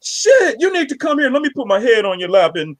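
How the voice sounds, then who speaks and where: A man's voice: extremely high pitch, big pitch swings, fairly quick, fairly bright tone, no echo, pitched above the performer's own voice, full character voice. A man putting on the voice of an overexcited, needy pet dog, yelping and whiny. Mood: frantic.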